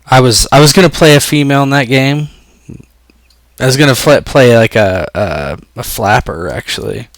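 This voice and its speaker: A man chats casually, stopping and restarting his sentences as he goes. His voice has a strong gravelly fry at a middle pitch. The sound is close and dry. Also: moderate pace, dry recording. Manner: hesitant, restarts phrases. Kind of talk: casual chat.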